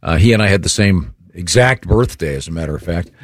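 A man's voice: sits low, animated, fairly quick, no echo, clean studio sound. A male talk show host chatting casually, rambling and laughing often.

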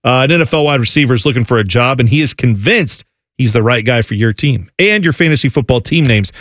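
A man hosting a sports radio show, chatting casually and playfully, quick to laugh. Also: mid-range voice, animated, fairly bright tone. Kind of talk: casual sports talk chat.

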